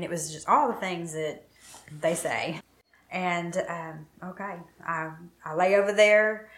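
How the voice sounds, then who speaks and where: A woman's voice: fairly low pitch, fairly bright tone. A middle-aged woman tells her own story with emotion, acting out what was said to her. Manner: emotional, vivid retelling with quoted dialogue. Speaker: guest telling her story. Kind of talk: personal storytelling. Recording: roomy echo.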